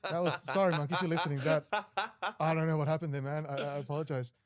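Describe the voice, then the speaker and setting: A man's voice: on the high side, fairly even intonation, fast, over a noisy crowd. An Australian man commentating live poker with casual, self-deprecating jokes.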